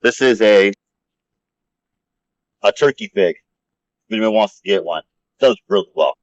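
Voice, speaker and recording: A man's voice: fairly low pitch, lively intonation, normal speed, dry recording. A man hosting a casual garden vlog, chatting in an easygoing, rambling way as he walks around an outdoor desert garden. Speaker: vlog host. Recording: dull lo-fi dry sound.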